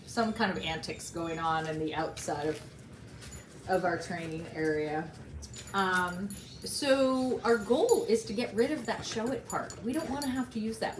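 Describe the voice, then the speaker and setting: A woman dog trainer explaining each step of a training session while coaxing a puppy. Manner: explains steps while coaxing a puppy, jumping to high praise. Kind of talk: instructional training demonstration. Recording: roomy and noisy.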